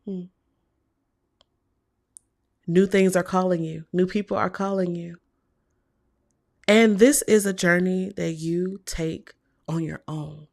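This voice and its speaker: A woman giving a tarot reading, talking slowly and softly with hums and whispered asides. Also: fairly low pitch, steady tone, gravelly. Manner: slow, soft, encouraging, with hums and whispered asides. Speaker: tarot reader.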